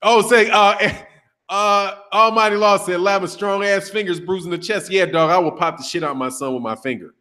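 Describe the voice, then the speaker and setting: This thirty-something boxing host has a high voice and a moderate pace. He trash-talks while reading live chat, keeping it casual, lively, and full of profanity and frequent laughter.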